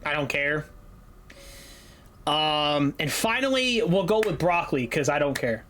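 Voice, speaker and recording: A man's voice: fairly high pitch, expressive, a little slow, fairly bright tone. A young man from Massachusetts with a light local accent, chatting loosely as a game streamer, rambling and joking with some swearing. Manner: rambling, joking, profane, laughs often. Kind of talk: casual gaming stream chat.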